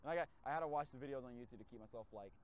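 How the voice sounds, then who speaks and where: A man hosting a casual podcast chat, telling a story with lively acted-out reactions and frequent swearing. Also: medium pitch, very fast, a little hiss or hum. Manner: animated storytelling, acts out his own reactions, swears freely. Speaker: podcast host.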